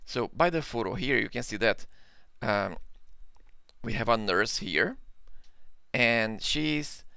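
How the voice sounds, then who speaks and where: A Brazilian man teaches English in a live online class, speaking slowly and patiently. His voice is bright and gravelly, with a clear, crisp tone. He repeats his examples and keeps checking in with a quick "okay?". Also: medium pitch, lively intonation, no echo. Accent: Brazilian Portuguese. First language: Portuguese.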